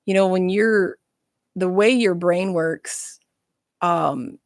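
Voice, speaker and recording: A woman's voice: on the low side, slow pace, no echo. A woman guest speaking frankly and bluntly in a casual interview chat, with self-mocking humor, in a small studio.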